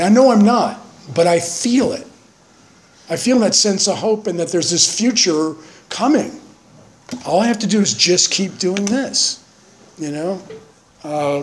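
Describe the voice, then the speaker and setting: A man's voice: high voice, a little slow, a little hiss or hum, rough recording. A man in his fifties giving an earnest personal testimony at a recovery meeting, acting out the voices of the people in his stories. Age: 50s. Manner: earnest storytelling, acts out quoted voices.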